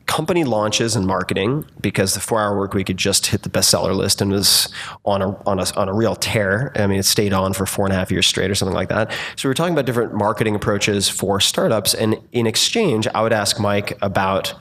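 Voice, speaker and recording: A man with a fairly low voice talks through an onstage fireside chat. He tells his stories in an animated way, jumping into asides and restarting sentences as he goes. The conversation is held before a live audience. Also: brisk. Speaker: guest.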